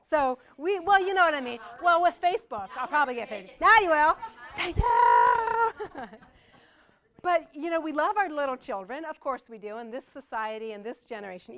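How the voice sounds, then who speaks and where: A woman's voice: a little high, a bit bright. An older woman preaching a sermon in a conversational way, with joking asides to the congregation.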